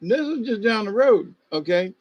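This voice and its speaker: A man's voice: high-pitched, lively intonation, normal speed, no echo, dull audio. A man telling rambling, folksy stories in a loose monologue, full of fillers and asides.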